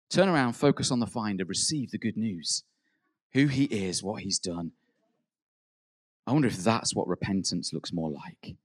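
A man's voice: lowish voice, moderate pace. Earnest male preacher giving a sermon. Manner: earnest, builds to emphatic peaks then drops soft; acts out quoted prayers.

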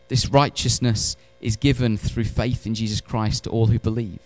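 Animated preacher, man. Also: fairly low pitch, moderate pace. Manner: animated preaching, swinging from loud to hushed, with wry asides. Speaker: pastor. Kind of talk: sermon. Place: church.

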